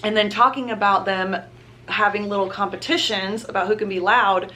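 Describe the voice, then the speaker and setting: A woman's voice: mid-range voice, steady tone, normal speed, bright, forceful tone, slight background noise. A young woman, chatting casually to camera as a mom vlogger and laughing often.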